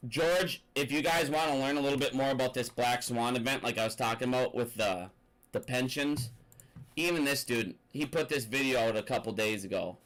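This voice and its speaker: A man's voice: medium pitch, a little fast, a bit bright, poor audio. A young man giving an angry, profane, rambling rant about finance. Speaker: finance commentator. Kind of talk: ranting commentary.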